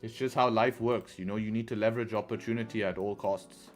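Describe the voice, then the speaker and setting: A man hosts a live trading stream, talking casually to viewers, making profane asides, and tacking "right?" onto his points. His lowish voice is a little fast with fairly even intonation. Soft music plays in the background.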